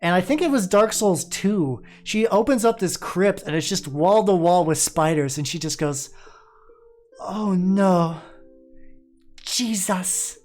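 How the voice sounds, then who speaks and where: A VTuber streamer paints while chatting casually, rambling, restarting sentences quickly, repeating words, and trailing off into mumbles. The voice is medium-pitched, expressive, and a little mellow, with faint music in the background.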